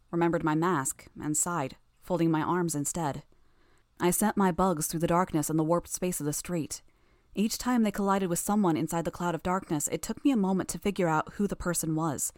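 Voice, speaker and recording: Low-voiced woman narrating an audiobook. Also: darkish tone, no room sound, clean studio sound. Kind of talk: first-person audiobook narration.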